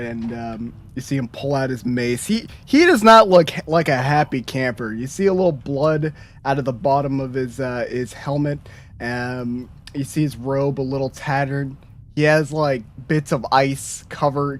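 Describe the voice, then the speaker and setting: Dm guy narrating d&d, lots of ums, easygoing, middle pitch. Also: moderate pace. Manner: casual, hesitant, filler-heavy narration. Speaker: game master. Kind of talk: narrating a tabletop game.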